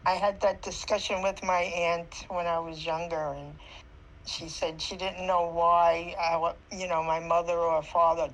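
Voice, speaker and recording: A woman taking part in a podcast, telling her experience in a halting, hesitant way, close to tears. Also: fairly low pitch, little pitch movement, low-quality recording. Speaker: podcast participant sharing an experience. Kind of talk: casual chat.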